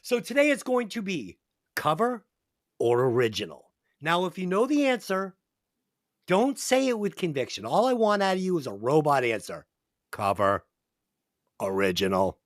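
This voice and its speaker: A man hosting a podcast and running a quiz, talking in a profane, animated way. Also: sits high, normal speed, no echo, studio quality. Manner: animated, profane, quizzing the others. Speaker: podcast host. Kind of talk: casual chat.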